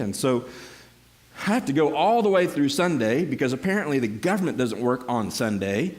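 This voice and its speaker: A middle-aged man gives a personal testimony to a church congregation, telling the story in an animated way with many restarts and repeated words. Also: medium pitch. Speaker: church member giving a testimony.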